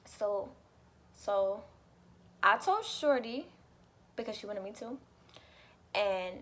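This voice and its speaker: A young woman telling a story in a casual vlog, animated and chatty, swearing freely and laughing often. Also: mid-range voice, slow pace. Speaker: vlogger.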